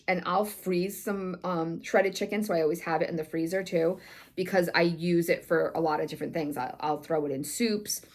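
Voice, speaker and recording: A middle-aged woman talks through her recipes in a loose, chatty way, full of ums and likes. Her voice sits a little low, and she sounds eager and warmly convinced about the food she describes. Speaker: weight loss vlogger. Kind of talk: casual chat about recipes.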